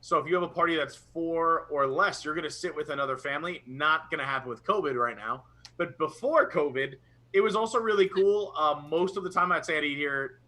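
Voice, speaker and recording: A man's voice: fairly high pitch, brisk, sharp tone. A young man co-hosting a casual live chat, talking with rambling enthusiasm. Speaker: podcast co-host.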